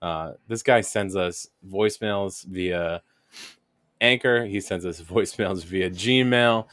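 A man's voice: deep voice, slow pace, a bit bright, dry recording, studio quality. A man co-hosting a podcast, chatting in a laid-back, easily amused way. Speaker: podcast co-host. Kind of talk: casual chat.

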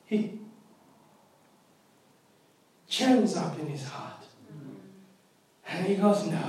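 Here a middle-aged preacher gives a lively sermon, jumping from loud emphasis to near-whispered prayer. Repeated words and frequent checks on the listeners keep it conversational. The voice rings through an echoing church hall. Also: sits high, measured pace, long pauses. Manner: animated, swings from loud emphatic to quiet intimate; repeats words, asks the congregation for response. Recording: roomy echo.

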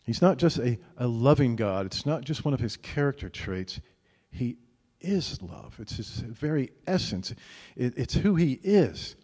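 A male pastor preaching a sermon in a relaxed, conversational way, often checking in with his listeners with a quick "right?". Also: medium pitch, husky, big-room sound.

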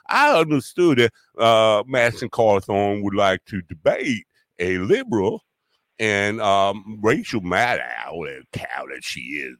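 A man voicing a brash, loudmouthed Southern prank caller who boasts and stumbles over his words. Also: lowish voice, dry recording, clean studio sound. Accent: put-on American Southern. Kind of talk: prank phone call.

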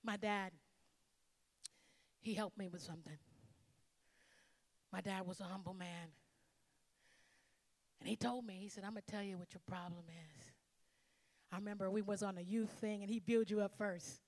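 A woman's voice: medium pitch, fairly even intonation, normal speed, pauses often, a little mellow, big-room sound. A woman pastor preaching a sermon, emphatic and calling out to her congregation for responses.

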